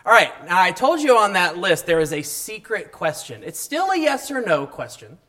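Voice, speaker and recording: A man teaching a classroom of high schoolers, talking casually, adding wry asides and often checking in with "okay?". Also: sing-song, normal speed, bright, forceful tone. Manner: mildly sarcastic asides. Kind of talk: classroom lesson. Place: classroom with students.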